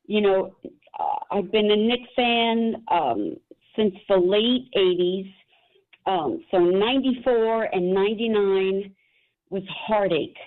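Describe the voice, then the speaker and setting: A woman's voice: medium pitch, slow. A woman calling a sports radio show, emotional and close to tears, talking in a gushing, rambling way. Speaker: caller. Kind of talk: phone-in call to radio. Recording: phone line.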